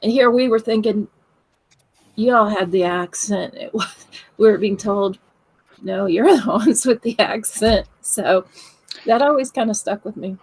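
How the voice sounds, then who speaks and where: A chatty woman with a Southern American accent co-hosts a relaxed paranormal discussion over a video call. She talks freely and laughs easily with the others. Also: medium pitch, a little slow, breathy edge, low-quality recording. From Southern United States. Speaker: paranormal investigator and co-host. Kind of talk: casual group chat.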